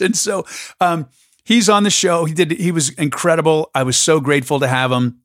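A man's voice: fairly high pitch, a little fast, a bit bright, no echo, clean studio sound. A man hosting a podcast, telling a story in a casual, enthusiastic way. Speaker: podcast host. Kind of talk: casual conversation.

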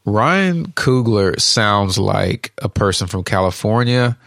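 A man's voice: lowish voice, animated, vocal fry, fairly bright tone, no room sound, studio quality. A man talking casually about movies, hesitant, with lots of fillers and restarts. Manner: halting, many fillers and restarts.

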